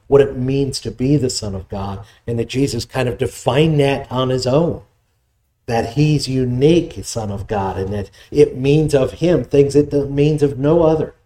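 Male pastor, mellow tone, conversational sermon delivery. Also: medium pitch. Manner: explanatory, conversational preaching with restarts.

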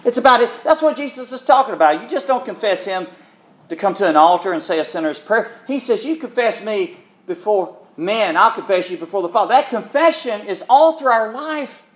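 Male preacher, higher voice, earnest sermon delivery with repetitions and pauses. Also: animated. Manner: earnest, pausing, repeats words, addresses listeners as beloved.

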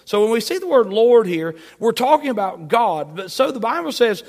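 A male pastor preaching a Sunday sermon, emphatic, swinging between loud and soft. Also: high-pitched, very animated, moderate pace. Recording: long hall reverb.

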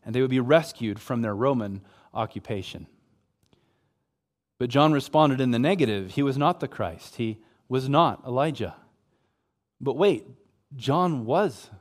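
A man with a somewhat high voice delivers an expository sermon on scripture. He speaks in a measured way and leans on repeated phrases for emphasis. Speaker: Bible teacher.

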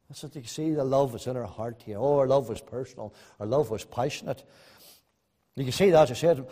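A man preaching a sermon, swinging between loud emphatic bursts and soft, hushed asides. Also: medium pitch, fairly quick, husky. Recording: long reverb in a hall.

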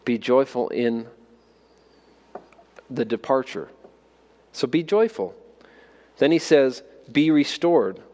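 A man's voice: mid-range voice, darkish tone, in a large hall. A man preaching a sermon, asking his listeners rhetorical questions and building to emphatic exhortations. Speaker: pastor.

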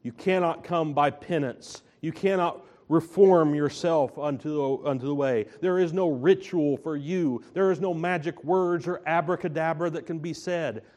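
A man preaching a sermon, slow and emphatic, stressing and repeating his key phrases. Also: on the high side, darkish tone.

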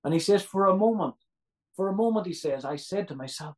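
Preacher guy giving a sermon, voice on the higher side, keeps repeating himself for emphasis and firing questions at the crowd. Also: brisk, poor audio. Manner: earnest, repeats key phrases for emphasis; asks the audience rhetorical questions.

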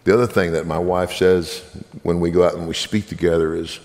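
Man, minister, earnest testimony; deep, rough voice in a reverberant church. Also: fairly even intonation, fairly quick, darkish tone. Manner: earnest, preaching, direct appeals to listeners. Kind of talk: sermon testimony.

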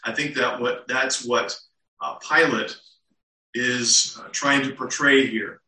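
A male pastor delivers an expository sermon, pausing on rhetorical questions and voicing the scripture quotes. His tone is sharp and very bright. He stands some way from the microphone, and the church around him rings with echo. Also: mid-range voice, steady tone. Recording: echoey room, mic at a distance.

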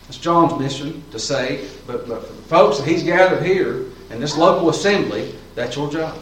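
Fired-up country-style preacher guy, kinda high voice, sounds far off in a big echoey church. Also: normal speed, a bit bright, slight background noise. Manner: folksy, fervent preaching with colloquial speech. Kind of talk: sermon. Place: church sanctuary. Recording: roomy echo, voice from far off, faint ambience.

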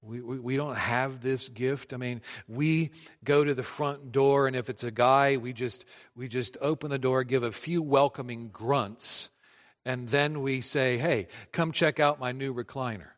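A male pastor preaching a sermon, conversational and animated, speaking directly to his congregation in a church. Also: medium pitch, measured pace, in a large hall.

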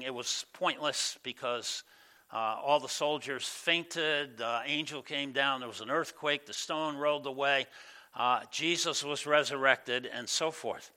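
A man's voice: mid-range voice, pushed and bright. A male pastor giving a conversational sermon, with many fillers and acted-out quoted voices. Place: church.

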